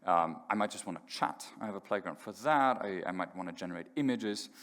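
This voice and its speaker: A man's voice: low voice, brisk, fairly bright tone. A man giving a live technical demo at a conference, talking casually with fillers and restarts. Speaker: conference speaker. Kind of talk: live tech demo talk. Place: large conference hall. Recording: echoey hall reverb.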